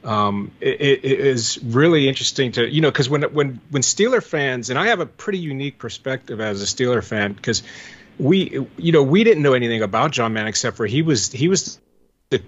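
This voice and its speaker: A man's voice: medium pitch, animated, moderate pace, breathy edge. Older man reminiscing on lo-fi audio. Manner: reminiscing, rambling storyteller. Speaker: guest. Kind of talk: casual podcast chat. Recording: dull lo-fi audio.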